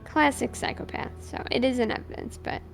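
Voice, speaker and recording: In a brisk, creaky, rather high voice, a woman streamer plays a police officer in a roleplay, animatedly retelling events and voicing both sides of the conversation. Soft music plays behind her as she tells the story in character.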